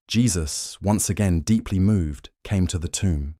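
A man reading a Bible passage aloud in a steady, measured scripted narration. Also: sits low, no echo, clean studio sound. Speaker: scripture reader.

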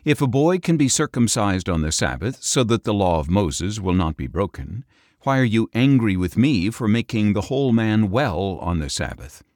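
A man voicing Jesus as a calm grown man who teaches with authority, in earnest, measured speech. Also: on the low side, dry recording, clean studio sound. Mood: reasoning.

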